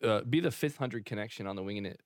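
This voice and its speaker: A man's voice: lowish voice, fast talker, no echo. Casual male podcast co-host from Canada; brash, laughs a lot, dry close mic. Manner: joking, laughs often, brash. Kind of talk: casual chat.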